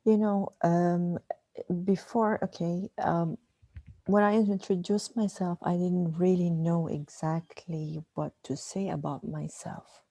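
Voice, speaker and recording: A woman, sharing on a video call in a halting way and leaning on "okay" between phrases. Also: fairly low pitch, steady tone, dark tone, no room sound, rough recording. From Arab world. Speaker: retreat participant. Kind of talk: casual sharing in an online group.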